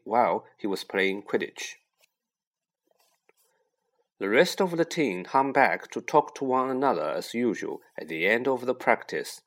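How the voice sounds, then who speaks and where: Slow, expressive male audiobook narrator. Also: mid-range voice.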